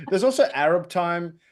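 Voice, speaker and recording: A man's voice: sits high, animated, slow pace. A man, a comedian guest on a podcast, telling stories in a chatty, jokey way. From Australia. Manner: chatty storytelling with jokey asides. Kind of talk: casual podcast interview.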